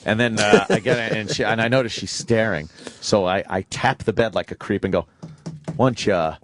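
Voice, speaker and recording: A man's voice: lowish voice, steady tone, brisk, dry recording. A man co-hosting a radio show, telling a boastful story in crude banter.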